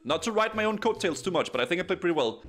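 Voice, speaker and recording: A man streaming a video game match, commenting excitedly with stammered restarts and sudden laughing yelps. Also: high voice, racing. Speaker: streamer playing arena matches.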